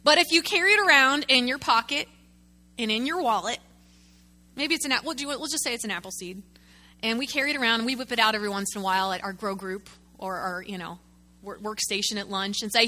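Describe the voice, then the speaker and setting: A woman pastor preaching a sermon in an animated way, calling out to the congregation and working with a prop. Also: on the high side, quick pace.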